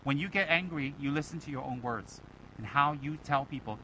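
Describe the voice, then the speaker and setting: Animated high-voiced man giving a dharma talk. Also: fast talker, a little hiss or hum, low-quality recording. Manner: animated, rhetorical, mocking imitations. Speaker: Buddhist teacher.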